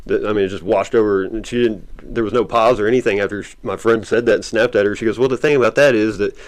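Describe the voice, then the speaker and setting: Male guest, lower voice, rambling casual story with a lot of chuckling. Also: steady tone, fast. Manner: rambling, laughs often.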